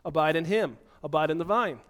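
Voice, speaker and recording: A man preaching an energetic, animated sermon, so physically active that he sounds out of breath at times. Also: on the high side, a little fast.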